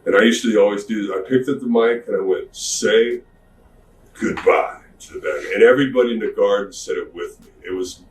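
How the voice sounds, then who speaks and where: A man casually telling an anecdote as a podcast guest, slangy and animated, recorded from a distance in an echoey room. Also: on the low side, fast, hardly any pauses, slight background noise. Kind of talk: storytelling anecdote.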